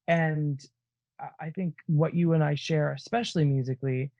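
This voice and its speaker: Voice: mid-range voice, steady tone, normal speed, darkish tone, no echo, dull audio. A podcast co-host in casual chat, rambling and enthusiastic with many restarts.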